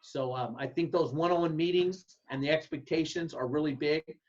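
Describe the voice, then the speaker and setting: A man, a football coach, giving blunt, folksy advice to other coaches and acting out his own yelled calls. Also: a little high, normal speed. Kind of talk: casual advice talk to coaches. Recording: dull lo-fi sound.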